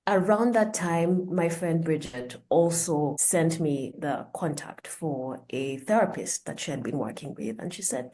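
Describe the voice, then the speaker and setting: A woman's voice: low-pitched, animated, moderate pace, few pauses, warm tone. A woman guest on a podcast, telling a personal story in an earnest, reflective way.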